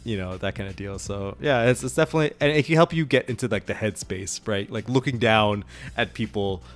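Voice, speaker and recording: A man with a lowish voice talks briskly as co-host and game master of a tabletop gaming podcast. He chats casually, laughs often, and uses lots of fillers.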